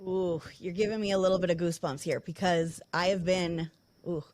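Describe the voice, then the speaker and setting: A woman hosting a podcast, speaking candidly and close to tears, rushing through her thoughts in quick bursts. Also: on the low side, fairly even intonation, a little mellow, dry recording. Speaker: podcast host. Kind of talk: emotional podcast conversation. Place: studio building.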